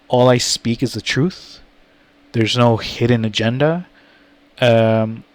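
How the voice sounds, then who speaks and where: A man vlogger telling a story to his viewers, blunt and profane, talking slowly and rambling. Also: medium pitch, no echo. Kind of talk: casual story time to camera.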